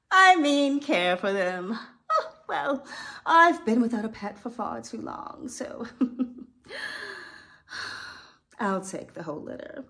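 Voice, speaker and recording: A woman playing Cruella, a vain wealthy woman who schemes over spotted puppies, with a drawling theatrical delivery and breathy asides. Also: on the high side, very animated, takes it slowly, long pauses, bright, forceful tone, full character voice. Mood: scheming.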